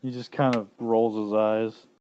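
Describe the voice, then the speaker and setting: A man narrating as game master of a tabletop game, in a relaxed, meandering way. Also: on the low side, unhurried, lo-fi sound, a little hiss or hum.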